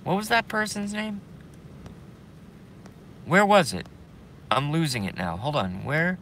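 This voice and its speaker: A man hosting a live stream, ranting in a profane, heated way that swings between loud outbursts and muttering. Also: on the high side, big pitch swings, unhurried, a little hiss or hum. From Boston, Massachusetts.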